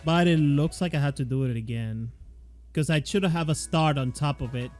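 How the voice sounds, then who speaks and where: A man's voice: fairly high pitch, normal speed, a little mellow, soft background music. A man chatting casually and laughing as he comments on a game he plays. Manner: laughing, offhand. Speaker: game player. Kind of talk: let's play commentary.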